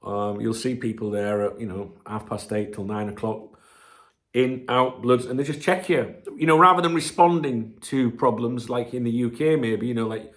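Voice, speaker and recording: A man from the UK hosting a casual morning football vlog at home, chatty and swearing freely, with a chesty cold that has him clearing his throat. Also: medium pitch, fairly even intonation, moderate pace. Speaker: football channel host. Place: indoors at home. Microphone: camera on tripod.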